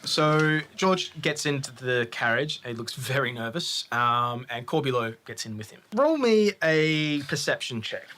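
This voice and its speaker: A game master narrating a tabletop game slowly, with fillers. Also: mid-range voice, animated, fairly bright tone.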